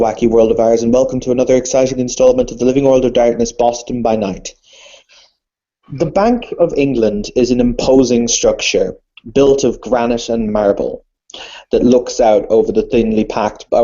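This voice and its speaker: A man narrating a tabletop role-playing game as game master, painting scenes in a theatrical way and often correcting himself. His tone is dark and mellow. The recording sounds muffled and lo-fi. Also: mid-range voice, moderate pace. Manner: descriptive, theatrical, with frequent self-corrections.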